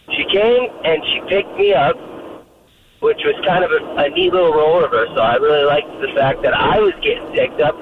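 A man's voice: on the high side, distant mic. A man calling in to a talk show, telling a rambling story and acting out the voices in it. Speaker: caller. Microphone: phone. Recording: tinny phone line with static.

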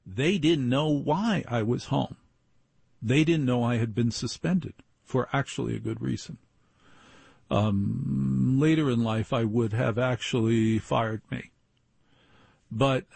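A man's voice: mid-range voice, creaky, a little mellow, husky, no room sound. An older man hosting a show, telling wry personal stories in a conversational way and acting out the voices of the people in them. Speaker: show host. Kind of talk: storytelling monologue.

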